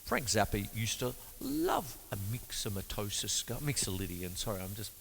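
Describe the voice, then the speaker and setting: A man's voice: lowish voice, huge pitch swings, normal speed, vocal fry, fairly bright tone, slight background noise. A man teaching drums in a joking, chatty way, counting rhythms aloud. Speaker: drum teacher. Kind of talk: jokey drum lesson with spoken counting. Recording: reverberant room with drum music.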